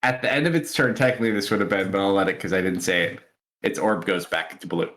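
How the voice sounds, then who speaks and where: A man's voice: deep voice, fast talker. A man running a live tabletop game as dungeon master. He narrates, voices clanking sound effects, and talks rules with the players. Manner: animated, making sound effects for the monsters.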